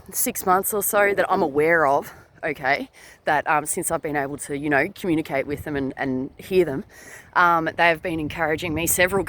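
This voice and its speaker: A woman who works as a spirit channeler, chatting casually to viewers, laughing often, dropping many fillers and "all right?" tags, and climbing high in pitch as she tells a story. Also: background noise. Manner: animated, rising high when telling a story.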